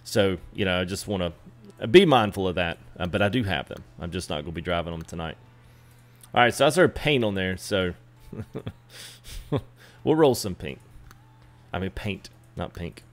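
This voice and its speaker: Customizing a truck in a game on a live stream, a man chats casually with his viewers and greets them by name. His voice is low and expressive, with a moderate pace and frequent pauses.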